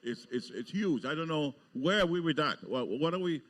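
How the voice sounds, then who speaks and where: A man's voice: fairly high pitch, expressive, moderate pace, fairly bright tone. A man co-hosting a live morning talk show, conversational and prone to repeating himself. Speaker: co-host. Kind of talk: casual radio chat.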